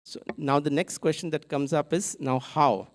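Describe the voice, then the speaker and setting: Brief: male temple speaker, slightly higher voice, chatty storytelling sermon delivered live. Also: steady tone, normal speed. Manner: conversational storytelling, acting out the characters.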